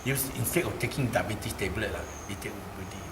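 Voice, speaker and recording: A man with a Malaysian English accent tells an interviewer a personal story, talking fast and with animation. He repeats phrases and gets louder and higher-pitched when quoting others; the recording is roomy with noisy ambience.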